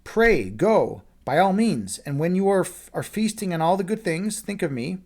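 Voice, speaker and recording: A man's voice: high voice, sing-song, moderate pace, darkish tone. A man voicing a kind, trusting little mouse in a fairy tale, with a light, eager reading voice.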